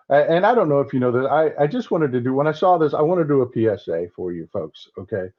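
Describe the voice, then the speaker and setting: A man with a Southern American accent hosts a livestream of political commentary. He talks bluntly and keeps circling back over his own words. His voice comes through a slightly dull, lo-fi recording. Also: mid-range voice. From Southern United States. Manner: blunt, repeats himself with many restarts.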